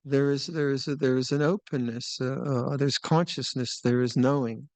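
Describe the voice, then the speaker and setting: A man's voice: mid-range voice, normal speed, dry recording. Older guy giving a meditation talk, easygoing and rambly, dry sound. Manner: relaxed, musing, with small laughs and restarts. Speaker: meditation teacher. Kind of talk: Dharma talk at a retreat. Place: retreat hall.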